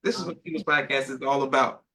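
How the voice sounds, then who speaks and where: Upbeat podcast host man, bright voice. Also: mid-range voice, fast talker. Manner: upbeat, affirming, reads viewer comments aloud. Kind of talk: live podcast interview.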